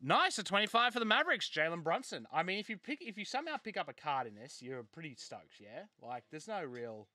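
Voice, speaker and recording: Excitable high-voiced man. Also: brisk, hardly any pauses, no echo. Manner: excitable, banters and jokes while calling out pulled cards. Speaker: card break host. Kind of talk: live case break commentary.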